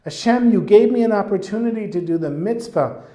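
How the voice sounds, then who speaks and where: A man's voice: mid-range voice, moderate pace, a little mellow, natural voice. A man voicing an old, humble holy rabbi who pleads with emotion, close to tears. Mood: tearful pleading. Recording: roomy echo.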